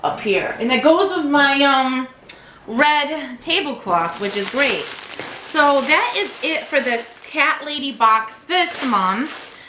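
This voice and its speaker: High-voiced woman gushing over an unboxing. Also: bright, forceful tone, roomy sound, slight background noise. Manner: gushing, talks to her cat in a doting voice. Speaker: vlogger. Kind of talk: casual unboxing chat.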